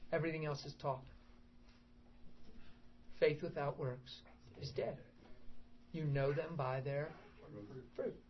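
A middle-aged male preacher gives a loose, conversational sermon, emphatic and animated, slipping into acted-out prayers. His voice sits a little high for a man. The recording is dull and lo-fi with a faint hiss underneath. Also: slow, pauses often. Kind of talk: informal sermon to a small group.

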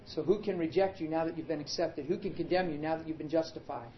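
A man preaches with animated emphasis and calls out to his listeners in a fairly high voice. The recording is muffled and echoes through a large room. A faint hiss sits underneath. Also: fast. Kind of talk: sermon.

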